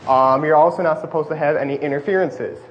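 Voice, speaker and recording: A young man preaching a sermon into a lapel mic, fast-talking and self-deprecating, in a church hall. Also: fairly high pitch. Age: young adult. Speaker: student preacher. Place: church hall with air conditioning. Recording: dull lo-fi audio with faint hum. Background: faint air conditioning hum.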